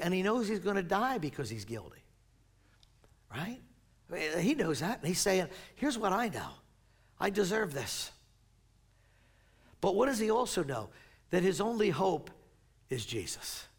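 Male pastor, gravelly and fairly high, animated sermon delivery with whispers and shouts.

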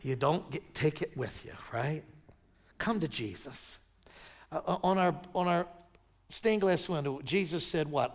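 A middle-aged man delivers a sermon as pastor. His voice sits high and carries a gravelly edge. He talks conversationally and stumbles and restarts mid-story. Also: expressive, measured pace. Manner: conversational, stumbling restarts when telling stories.

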